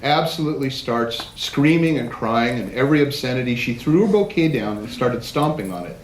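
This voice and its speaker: A man at mid pitch tells anecdotes from the stage of a large event hall, animated and acting out what others said. His voice rings in a roomy space with faint background noise. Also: a little fast. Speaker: speaker giving a platform presentation. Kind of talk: storytelling talk to a live audience.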